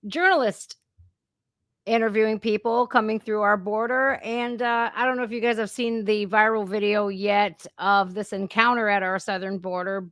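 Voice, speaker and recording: A woman's voice: mid-range voice, fairly bright tone, no echo, studio quality. A woman hosting an impromptu live stream, talking straight to her viewers in an indignant, chatty way. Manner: indignant, conversational, addresses viewers directly. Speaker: reaction channel host.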